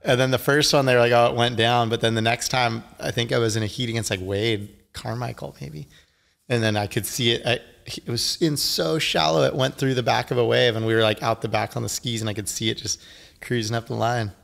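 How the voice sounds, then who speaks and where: A pro surfer hosting a casual chat, relaxed and easygoing, chiming in with reactions. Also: male voice, medium pitch, brisk, vocal fry.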